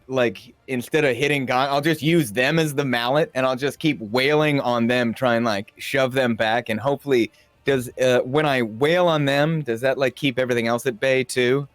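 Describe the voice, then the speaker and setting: A man playing a tabletop game, excitable and quick to swear and laugh. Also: medium pitch, dry recording. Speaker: player. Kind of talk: casual tabletop play.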